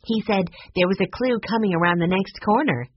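A woman reading an audiobook, voicing a thoughtful, gentle young girl. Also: mid-range voice, a little fast, husky, dry recording, dull audio, close to an everyday voice.

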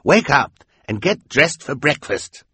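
A man's voice: mid-range voice, big pitch swings, takes it slowly, bright, forceful tone, husky, dry recording, pitched above the performer's own voice, heavily acted. A man voicing a grumpy, vain, scheming male villain who growls orders in an audiobook. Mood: barking orders. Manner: growling, bossy. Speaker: audiobook character.

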